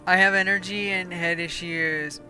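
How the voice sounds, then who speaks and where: A woman's voice: lowish voice, fairly even intonation, moderate pace, sharp tone, soft background music. A woman from Canada, chatting casually and self-deprecatingly while streaming a game, often muttering to herself. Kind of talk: casual livestream chat while gaming.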